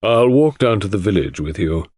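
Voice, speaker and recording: A man's voice: on the low side, animated, normal speed, darkish tone, no echo. A man doing a stiff, formal husband.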